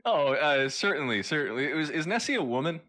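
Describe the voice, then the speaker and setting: A man's voice: fairly high pitch, sing-song, fast, pushed and bright. A man co-hosting a podcast who laughs easily and talks with many fillers and restarts. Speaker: podcast co-host. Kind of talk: casual comedic chat.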